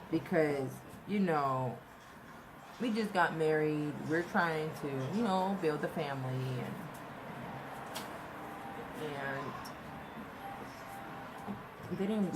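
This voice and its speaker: Halting young woman telling a story. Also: sits low, background noise. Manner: halting, repeats herself, many restarts. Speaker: vlogger telling a personal story. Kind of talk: casual personal storytelling. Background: music.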